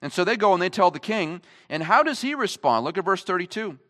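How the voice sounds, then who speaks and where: High, lively-voiced male preacher. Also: a little fast. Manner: emphatic, asks the congregation many rhetorical questions. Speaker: pastor. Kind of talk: sermon. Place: church service.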